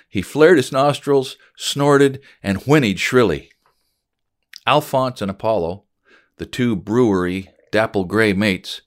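A man reading a story aloud in a measured, storytelling voice. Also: on the low side. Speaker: narrator. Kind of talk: audiobook narration of a memoir-style story.

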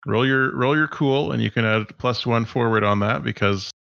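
Relaxed man running a tabletop game. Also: mid-range voice, normal speed, gravelly, no room sound, muffled recording. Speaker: game master.

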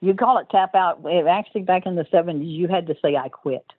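A woman's voice: fairly low pitch, fast, breathy edge, no room sound. An older woman telling stories as an interview guest, rambling and laughing often mid-sentence, heard over a tinny phone line.

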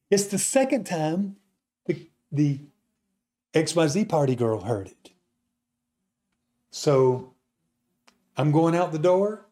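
High-voiced man preaching a testimony. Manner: animated storyteller, asks the audience questions. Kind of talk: sermon testimony story.

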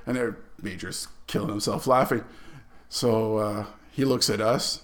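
A middle-aged man, a podcast guest telling a story in a casual, animated way and slipping into quiet asides. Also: fairly low pitch, measured pace. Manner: animated, acts out the people in his stories, drops to quiet asides.

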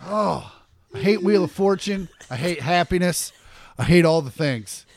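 A man's voice: sits high, moderate pace, a little mellow. A man hosting a podcast in casual chat, swearing a lot and ranting in mock anger. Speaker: podcast host and comedian.

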